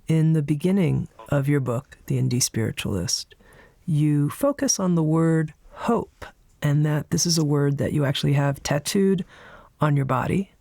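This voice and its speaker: An interviewer with a gravelly, fry-laden voice at a middle pitch asks curious, probing questions. The sound is close and dry. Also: normal speed, mellow, no room sound.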